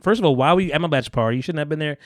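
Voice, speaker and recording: Fast-talking man recapping a movie. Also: fairly high pitch, no echo, clean studio sound. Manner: animated, acts out characters' lines in quick voices. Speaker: podcast co-host. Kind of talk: casual chat, recapping a movie. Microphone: studio podcast mic.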